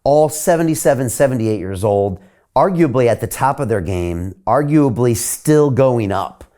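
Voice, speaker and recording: A man hosting a podcast interview, talking casually and lively. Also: mid-range voice, moderate pace. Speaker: podcast host.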